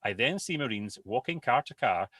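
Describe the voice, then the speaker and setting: A man's voice: medium pitch, lively intonation, normal speed, a bit bright, dry recording. A man co-hosting a podcast, reading a listener's post aloud and stumbling over hard words. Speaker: podcast co-host.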